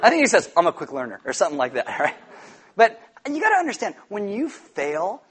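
High-voiced man preaching a jokey sermon. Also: fairly quick, breathy edge. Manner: jokey, animated storytelling with shouted impressions. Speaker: pastor.

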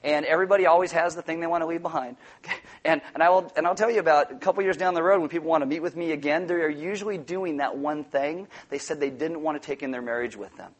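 A middle-aged man preaching a sermon, joking and conversational, with quick asides to the congregation. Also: fairly high pitch. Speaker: pastor.

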